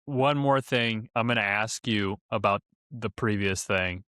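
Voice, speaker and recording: Low-voiced man in blunt casual chat. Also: measured pace, sharp tone, clean tone, dry recording, studio quality. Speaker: podcast co-host.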